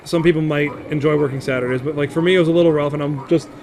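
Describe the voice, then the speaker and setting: A man's voice: fairly high pitch, steady tone. A man co-hosting a casual podcast chat, telling stories in long run-on sentences. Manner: fast, run-on storytelling with fillers.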